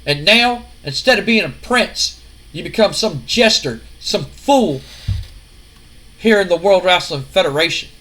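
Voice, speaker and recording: A man's voice: high-pitched, animated, measured pace, exaggerated voice. A man voicing an older wrestling king who scolds and mocks his son. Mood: scornful. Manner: scolding, mocking, shouting.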